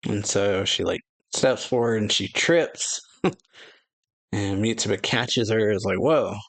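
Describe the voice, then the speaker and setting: A man's voice: lowish voice, a little slow, fairly bright tone. Casual man recapping a manga chapter. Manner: loose storytelling with many "like" fillers. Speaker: reaction channel host.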